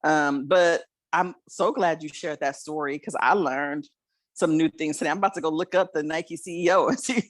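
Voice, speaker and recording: A woman's voice: low voice, moderate pace, no room sound. A woman hosting a podcast, chatting reflectively and laughing between thoughts. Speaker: podcast host. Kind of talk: casual podcast discussion.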